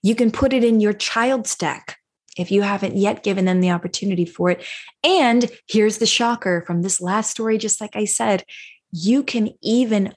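A woman's voice: medium pitch, husky. A woman hosting a parenting podcast, coaching listeners emphatically and acting out example phrases. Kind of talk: solo podcast teaching.

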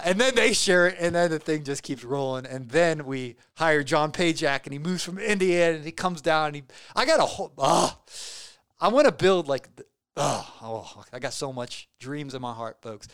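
A young male podcast host rambles through his sign-off in an excitable, joking way, tripping over words and piling up fillers. His voice is smooth and clear, recorded close and dry with no room sound. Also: fairly high pitch, moderate pace, no echo. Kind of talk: casual podcast sign-off chat.

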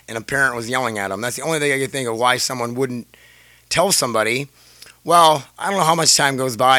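A man's voice: mid-range voice, pushed and bright, dry recording. A man casually telling viewers a rambling, profane story, laughing often, his throat a little scratchy.

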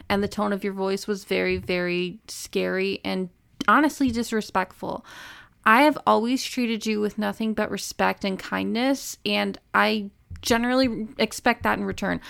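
A young adult woman hosting a podcast, speaking earnestly and emotionally in a personal monologue with halting restarts. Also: mid-range voice, vocal fry, clear, resonant tone, no echo, studio quality. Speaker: podcast host.

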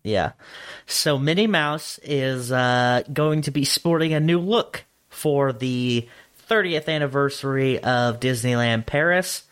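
A man's voice: medium pitch, slow pace, fairly bright tone, clear, resonant tone. A man co-hosting a casual comedy podcast, joking crudely and rambling between laughs. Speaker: podcast co-host.

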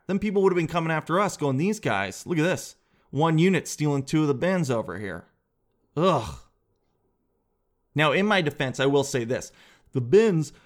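A man in his thirties hosting a podcast, telling a comic story in a loose, animated way and calling his listeners dude and guys. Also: a little high. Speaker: podcast host. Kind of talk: casual comedic monologue.

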